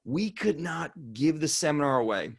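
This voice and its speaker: A man who is a strength coach telling a story on an interview in an excitable way, swearing and laughing as he goes. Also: on the high side, moderate pace, breathy edge. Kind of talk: animated storytelling.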